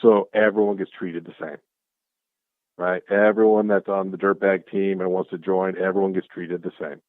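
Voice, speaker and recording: Guy w a lowish voice on a thin phone-like call, dry sound, gets all worked up telling stories. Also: moderate pace, no room sound. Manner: excitable, acts out quoted exchanges. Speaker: guest, clothing brand founder. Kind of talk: casual storytelling chat. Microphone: call audio. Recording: tinny phone-like call line.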